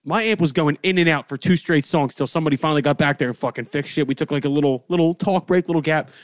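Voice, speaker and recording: Man, quick talker, lively swinging pitch, dry close sound, casual musician chat. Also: dry recording. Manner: animated, swearing. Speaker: co-host, musician.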